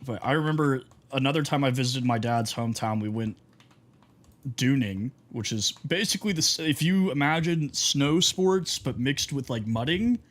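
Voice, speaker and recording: A young male streamer from Texas chats loosely while he plays. His talk is rambling and full of fillers as he wanders between stories. His voice sits at an ordinary middle pitch. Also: lively intonation, normal speed. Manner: rambling storyteller, heavy on fillers. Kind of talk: casual chat while gaming.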